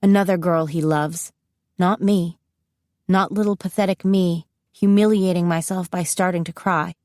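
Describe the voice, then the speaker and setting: A woman's voice: lowish voice, fairly even intonation, normal speed, a little mellow, no echo, studio quality. Woman narrating a first-person audiobook.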